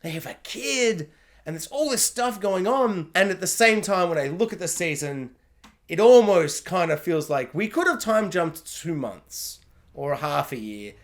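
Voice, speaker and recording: A man's voice: sits high, animated, a little slow. A man giving a casual spoken TV review, rambling along and filling his talk with "like". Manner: rambling, heavy on "like" fillers.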